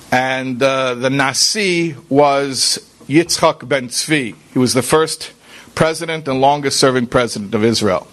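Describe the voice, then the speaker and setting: This rabbi's medium-pitched, slightly bright voice carries an earnest, conversational Torah class in which he addresses listeners directly, asks rhetorical questions, and uses Hebrew and Yiddish religious terms.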